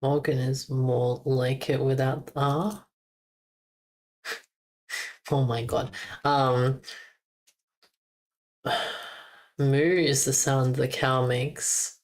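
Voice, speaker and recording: A streamer slowly repeats German words over and over to practise pronunciation on a live stream, chuckling and occasionally cursing mildly. The voice is medium-pitched with a level tone.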